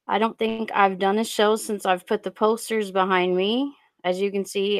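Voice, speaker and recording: Young woman, casual stream chat, rambling with fillers, gravelly voice, close dry sound. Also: medium pitch, steady tone, no echo. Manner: rambling, halting, lots of um and like. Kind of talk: casual live stream chat, reading viewer comments. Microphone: USB desk mic.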